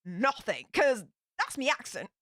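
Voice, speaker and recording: A woman's voice: on the high side, very animated, unhurried, fairly bright tone, dry recording, studio quality. A young woman with a broad Yorkshire accent, chatting frankly to her live-stream audience with lots of fillers and sighs. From Yorkshire, England. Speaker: YouTube streamer. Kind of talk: casual live-stream chat.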